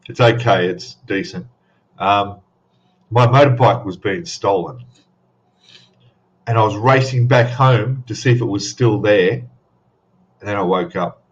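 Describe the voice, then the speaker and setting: Male stream host, unhurried and drowsy, low-pitched, rough-voiced from waking, dull lo-fi audio. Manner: drowsy, rambling, laughs often. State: just woken up, voice still rough. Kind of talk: casual live-stream chat.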